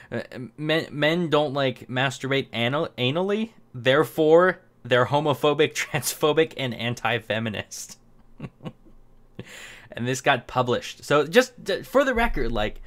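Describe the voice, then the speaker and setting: A man's voice: on the high side, a bit bright. A man giving casual commentary on camera, often breaking into laughter as he reads text aloud. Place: home recording setup. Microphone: camera mic.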